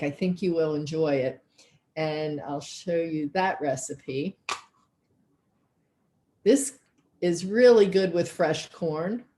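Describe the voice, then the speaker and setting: A woman's voice: lowish voice, warm tone. Chatty woman teaching an online cooking class. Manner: chatty and folksy, thinking aloud. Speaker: cooking instructor.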